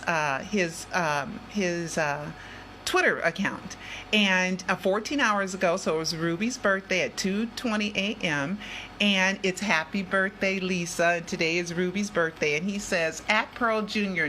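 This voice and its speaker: A woman's voice: medium pitch, fairly bright tone, a little hiss or hum. An older woman who is a vlogger and investigative journalist, talking to her viewers in a chatty, emphatic way that circles back and repeats itself. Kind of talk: casual vlog talk.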